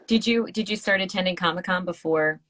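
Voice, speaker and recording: A woman's voice: lowish voice, brisk, a bit bright. A woman hosting a podcast, asking questions in a giggly, friendly interview manner. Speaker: podcast host. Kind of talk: casual interview.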